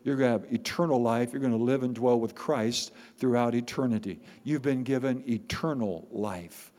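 A man preaching a sermon as pastor, animated and playful, repeating words for emphasis. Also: mid-range voice, normal speed. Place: church sanctuary. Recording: long reverb of a large hall.

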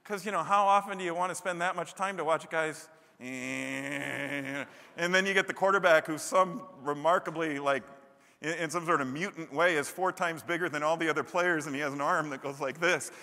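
Animated preaching man in a reverberant hall. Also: moderate pace. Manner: animated, acts out quotes with sudden loud high bursts. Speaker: pastor. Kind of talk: sermon.

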